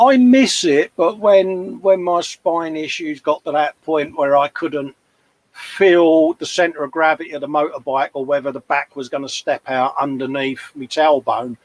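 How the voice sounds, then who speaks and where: Heard through a low-quality recording, a fairly high-pitched man in his fifties talks at a moderate pace. He's an East Londoner co-hosting a hobby livestream about model building, chatting casually and wandering through rambling stories.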